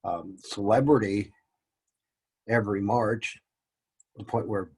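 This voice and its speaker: Husky, low-voiced man giving a rambling lesson. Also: fairly even intonation, unhurried, rough recording. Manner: rambling, joking and self-deprecating. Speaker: teacher presenting a lesson. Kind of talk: casual classroom-style lecture.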